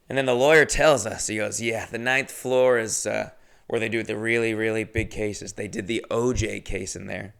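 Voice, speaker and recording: Man, casual rambling story, swears a lot, gravelly voice, smooth and resonant. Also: fairly low pitch, fairly even intonation, normal speed, fairly bright tone. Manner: profane, rambling and jokey. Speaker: podcast host telling a story.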